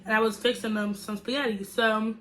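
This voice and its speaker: A woman's voice: fairly high pitch, steady tone, fairly quick, a little hiss or hum. A young woman vlogger telling a story to her viewers in a chatty, slangy way. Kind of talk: casual storytime.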